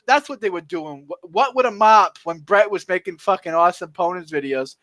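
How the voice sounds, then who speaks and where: High, bright man ranting crudely. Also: brisk, few pauses, no echo. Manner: crude, heated, laughing rants. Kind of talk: profane casual chat.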